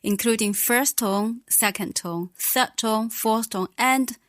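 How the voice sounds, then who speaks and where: A woman teaches a language lesson. She speaks slowly and patiently, modeling each sound clearly. Her voice is dry and close. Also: fairly high pitch, no room sound.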